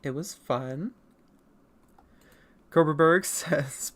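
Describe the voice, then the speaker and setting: Speaking slowly in a slightly bright, mid-range voice with frequent pauses, an artist draws on stream and chats with viewers. They ramble playfully, laugh often, swear now and then and correct themselves along the way.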